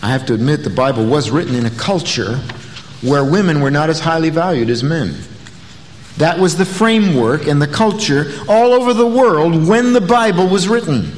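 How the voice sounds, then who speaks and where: A man's voice: a little high, animated, normal speed. Man preaching a folksy sermon in a reverberant church. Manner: folksy storytelling with dry humor. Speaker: pastor. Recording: long reverb, faint noise.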